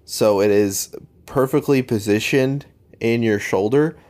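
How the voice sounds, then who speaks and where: A man's voice: mid-range voice, measured pace, darkish tone. A man co-hosting a podcast, reacting in a blunt, sweary way during casual chat. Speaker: podcast co-host.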